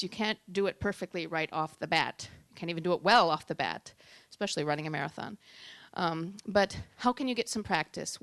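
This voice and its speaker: A woman giving a talk on public speaking at a tech meetup, lively and shifting between loud and soft for emphasis. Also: fairly low pitch, clean tone, dry recording. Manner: lively, varies loudness and pace for emphasis.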